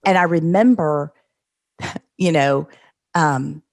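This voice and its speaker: Low-voiced woman in her fifties telling her story. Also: gravelly. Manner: earnest, vivid retelling, steady and unhurried. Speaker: guest. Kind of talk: personal storytelling in an interview.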